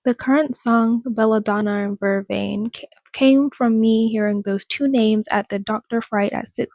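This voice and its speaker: A woman's voice: a little high, fairly even intonation, normal speed, a little mellow, dry recording. A woman vlogger in casual commentary, reading an article aloud and mocking it, laughing often and talking to her viewers.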